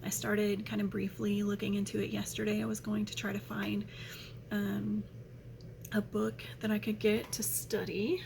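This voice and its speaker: A woman's voice: mid-range voice, monotone, moderate pace, gravelly, a little mellow, slight background noise, poor audio. A young woman chatting casually to camera at home, rambling with many fillers, her nose running. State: runny nose. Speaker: vlogger. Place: home room.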